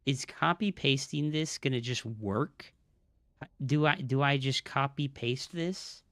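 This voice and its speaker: Guy streaming games from home, slow and dry, cussing and muttering while he fixes stuff. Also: mid-range voice, a bit bright, dry recording. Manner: exasperated, swears a lot, mutters under breath. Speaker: gaming streamer. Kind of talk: live-stream troubleshooting chatter.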